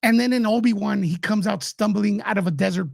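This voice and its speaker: A man's voice: sits high, brisk, vocal fry, darkish tone, no echo, studio quality. A man who is a guest commentator in a casual podcast chat, ranting with passion and frustration.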